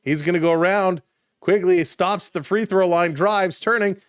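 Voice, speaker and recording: Guy calling a game live on stream, fairly high voice, dry close mic, chats with chat between plays. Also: smooth, no room sound. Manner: rapid play calls, rising excitement on big plays, chatting with viewers. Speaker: live stream play-by-play commentator. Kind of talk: live play-by-play commentary.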